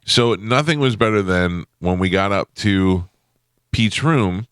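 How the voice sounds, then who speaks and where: A man hosts a morning radio show and tells a funny story with a lot of energy. His voice sits low but swings widely in pitch, and he slips into squeaky imitations. The studio sound is close and dry. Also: a little slow, clear, resonant tone, dry recording. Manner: lively, jumps into high-pitched imitations. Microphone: studio microphone.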